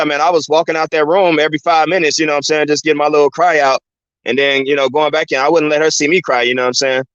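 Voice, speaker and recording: Talking loosely and casually in a commentary monologue, this show host keeps asking "you know what I'm saying?" His voice is a little high and fairly bright with a clean tone, while the recording itself is dry and dull lo-fi, with no room sound.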